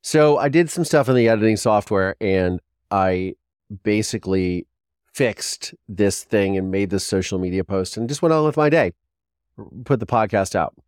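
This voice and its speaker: A man in his forties, a podcast host, telling a casual rambling story with quick restarts and lively quoted voices. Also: lowish voice, clear, resonant tone, no room sound, clean studio sound.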